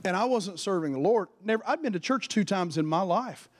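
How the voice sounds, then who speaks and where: A male preacher with a notably high-pitched voice delivers a sermon in a church. He mixes scripture with personal stories and speaks with fervent conviction. He keeps turning to the congregation with direct calls for a response. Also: lively intonation, fairly quick.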